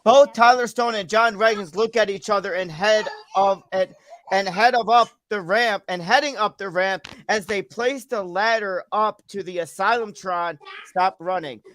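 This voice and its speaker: A host giving excitable play-by-play commentary for a storytelling wrestling stream, shouting and swearing at the big moments. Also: medium pitch, normal speed, no echo.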